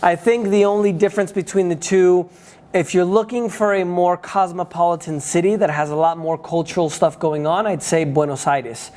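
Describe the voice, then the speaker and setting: A man whose first language is Spanish, speaking in a slightly higher register. He chats casually to camera as a travel vlogger. He gives his opinions freely and works out his points aloud. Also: steady tone, moderate pace, a little mellow. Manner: chatty, opinionated, thinking aloud.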